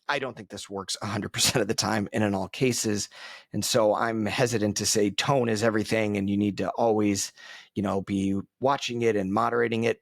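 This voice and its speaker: In a dry recording, a man with a lowish, fry-tinged voice hosts a solo podcast close to the mic. He talks conversationally and reflectively, with frequent ums and asides.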